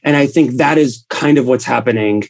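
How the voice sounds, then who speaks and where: A man's voice: mid-range voice, moderate pace, creaky. A man talking as a guest actor in casual conversation, rambling and often repeating his words.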